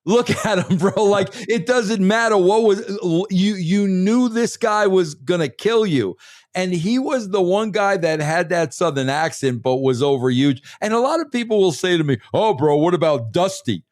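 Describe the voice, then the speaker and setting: A man's voice: sits high, expressive, normal speed, no echo, studio quality. A man being interviewed on a podcast, talking in an emphatic, rambling casual way and calling the host "bro" again and again. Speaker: former wrestling head writer, guest.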